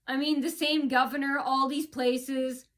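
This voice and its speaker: A woman's voice: sits high, level tone, a little slow, fairly bright tone. A woman in a casual complaint vlog, telling her story in an indignant, rambling way with many restarts. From United States. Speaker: vlogger.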